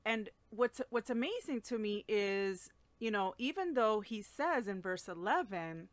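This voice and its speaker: A woman's voice: mid-range voice, expressive, a little slow, hardly any pauses, no room sound. Earnest woman giving a devotional talk. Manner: earnest, personal, many fillers and restarts. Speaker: Christian teacher.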